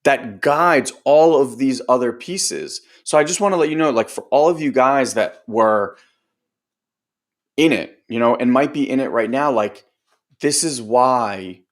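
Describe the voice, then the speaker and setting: A male coach talking through a casual group training session in a loose, rambling way. He swears now and then, leans on fillers like "like" and "right," and slips into other people's voices when he quotes them. His voice sits at an average pitch for a man. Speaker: host and personal growth coach.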